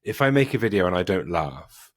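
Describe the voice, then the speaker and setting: A man's voice: deep voice, very animated, fairly quick. A man with a British accent, hosting a podcast and chatting in a casual, self-deprecating way. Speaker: podcast host. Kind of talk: casual conversation.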